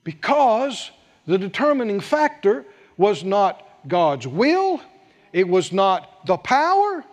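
High, lively preacher in a reverberant hall. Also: male voice, takes it slowly. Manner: emphatic, with rhetorical questions and repeated scripture phrases. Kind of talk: sermon.

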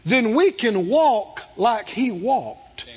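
A male pastor preaches slowly and emphatically, his high voice rising and falling widely as he poses rhetorical questions to the congregation. The recording sounds muffled, with a long reverb from the church hall. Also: sing-song, breathy edge. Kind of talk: sermon.

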